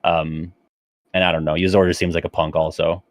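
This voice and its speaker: A man's voice: low-pitched, level tone, brisk, no room sound, clean studio sound. A man as a guest on a casual podcast, hedging his opinions with fillers and breaking into joking, exaggerated rants.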